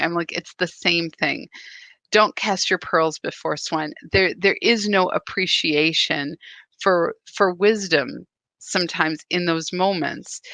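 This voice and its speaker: A woman gives a relaxed, live-streamed spiritual talk, rambling from thought to thought and checking in with her listeners. Her voice sits fairly low, with a gravelly fry and a bright, forward tone. The sound is dry and close, with no room echo. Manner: conversational, rambling, with checks like "right?". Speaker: spiritual guide.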